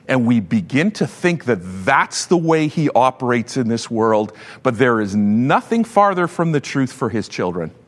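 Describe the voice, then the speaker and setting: Animated pastor preaching in a reverberant hall. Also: male voice, medium pitch, moderate pace, hardly any pauses. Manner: animated, joking storyteller. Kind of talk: sermon.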